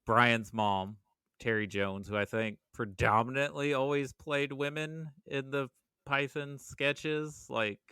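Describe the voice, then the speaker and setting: Guy on a podcast retelling movie bits, laughing a lot, smooth voice. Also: mid-range voice, fairly even intonation, slow, pushed and bright, no echo, clean studio sound. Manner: laughing storyteller, acts out quoted lines. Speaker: podcast guest. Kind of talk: casual chat.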